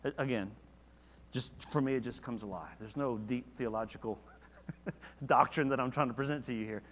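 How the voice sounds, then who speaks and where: A man's voice: medium pitch, normal speed, in a large hall, slight background noise. A man leading a church Bible study in a casual, conversational way, often asking the class questions. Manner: conversational, asks the class questions, animated when reading verses.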